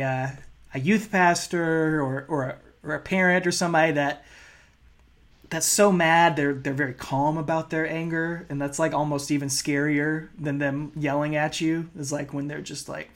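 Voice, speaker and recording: A man with a mid-range voice chats through a wrestling replay on a podcast. He talks loosely, with plenty of fillers and quick laughs along the way. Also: fairly high pitch, steady tone, a bit bright. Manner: chatty, many fillers and laughs. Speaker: podcast co-host. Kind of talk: casual wrestling commentary chat.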